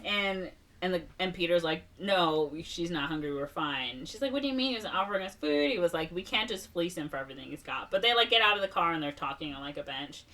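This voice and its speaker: A young woman on a podcast, animatedly retelling a film and slipping into quick impressions of its characters. Her voice is bright and a touch forceful, and she sits a little back from the mic. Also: sits low, distant mic. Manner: animated retelling, acting out characters' lines with laughs and fillers. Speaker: podcast co-host. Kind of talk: casual movie recap chat.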